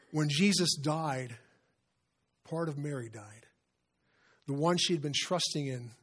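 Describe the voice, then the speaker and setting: A man preaching a sermon as a visiting preacher, earnest in manner, often clearing his throat and slowing down and softening his voice to stress a point. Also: a little high.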